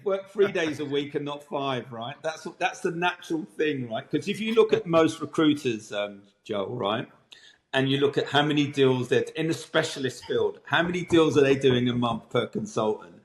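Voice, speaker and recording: A man's voice: mid-range voice, expressive, normal speed, roomy sound, slight background noise. A man talking as a podcast guest in a conversational interview, making emphatic points and often ending them with a tag question.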